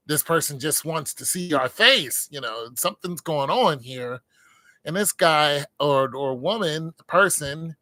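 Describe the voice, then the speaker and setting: A man's voice: on the high side, bright, forceful tone, dry recording. A middle-aged man, a military veteran, talking casually and candidly to his viewers, rambling with many fillers.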